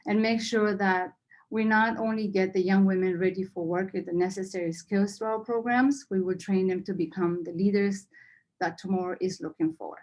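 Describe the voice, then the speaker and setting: A woman's voice: medium pitch, a little mellow, poor audio. A woman leading a nonprofit, giving an earnest, heartfelt annual meeting speech and fighting back tears. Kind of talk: emotional speech to members.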